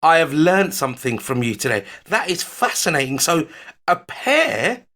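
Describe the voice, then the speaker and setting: Teasing man with a bright voice. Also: fairly high pitch, sing-song. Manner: teasing, drawn-out mock-grand delivery. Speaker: radio co-host. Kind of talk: casual radio banter.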